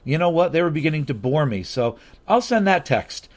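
A man's voice: a little high, sing-song, a little fast, darkish tone. A man reading as a sneering teenage bully. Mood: scornful. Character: brash teenage boy bully, sulky.

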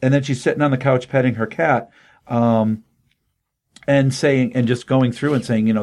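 Older male reviewer, casual and earnest, mid-pitched, rambling delivery. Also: steady tone, normal speed, darkish tone. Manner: earnest, rambling with fillers, emotionally open. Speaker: comic book reviewer. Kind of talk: casual comic book review.

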